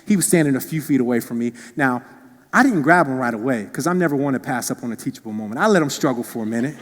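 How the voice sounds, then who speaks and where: A man giving a motivational keynote speech, telling animated stories with playful asides, recorded on stage in a large hall. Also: medium pitch, fast. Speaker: keynote speaker. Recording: long reverb in a large hall.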